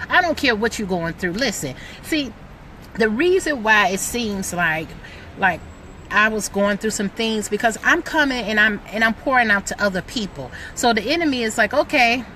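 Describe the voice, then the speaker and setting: A middle-aged woman giving an excitable, emphatic motivational talk to camera, preaching and peppering her talk with "like.". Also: medium pitch, normal speed, slight background noise. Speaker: motivational vlogger.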